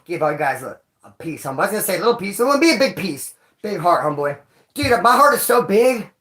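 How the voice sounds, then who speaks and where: A man's voice: sits high, sing-song, fast, fairly bright tone. Rambling, slangy male vlogger. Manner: rambling, slangy and joking, calls viewers homeboy and dog. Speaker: vlogger telling prison stories. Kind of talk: casual storytelling vlog.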